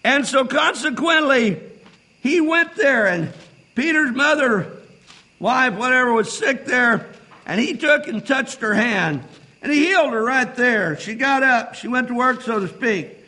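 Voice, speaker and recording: A man preaching a sermon, reading old-style scripture and building to shouted fervor. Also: extremely high pitch, animated, a little slow, rough recording. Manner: reads King James scripture aloud.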